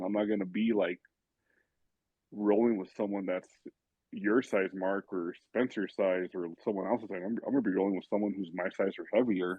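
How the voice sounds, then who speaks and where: A man's voice: fairly low pitch, husky, dry recording, narrow, tinny audio. A man chatting casually on a podcast about martial arts, often stammering and repeating words. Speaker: podcast guest, judo and jiu-jitsu student. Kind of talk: casual chat.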